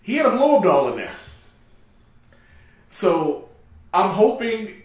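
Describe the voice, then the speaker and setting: A man hosting a casual podcast, telling stories in an animated way and acting out what people said. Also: high voice, takes it slowly. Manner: animated storyteller, acts out dialogue, swears freely. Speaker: podcast host. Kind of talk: casual storytelling chat. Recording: very echoey room, a bit off mic.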